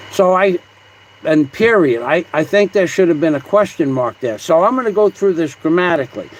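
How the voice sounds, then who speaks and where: A man's voice: fairly high pitch, expressive, normal speed, low-quality recording. A man hosting a casual livestream, rambling and combative as he reads viewer comments aloud. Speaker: livestream host.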